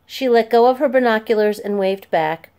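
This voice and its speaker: A woman narrating a children's chapter book aloud in a clear, steady storytelling voice. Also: fairly high pitch, moderate pace.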